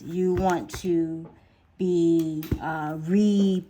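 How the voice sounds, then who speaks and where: A woman's voice: medium pitch, a little slow, darkish tone, a little hiss or hum. A woman giving a casual tarot reading, chatty and repeating her phrases for emphasis. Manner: drops to a whisper while drawing cards. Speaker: tarot reader.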